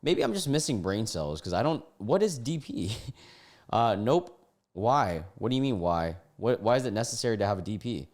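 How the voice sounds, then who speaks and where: A man with a fairly low voice that swings widely in pitch, reacting in disbelief to what he reads. He laughs often and swears casually, talking into a desk microphone at home. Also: expressive, moderate pace, darkish tone. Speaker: streamer reacting to screenshots. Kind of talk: reaction commentary. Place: home room with a cat.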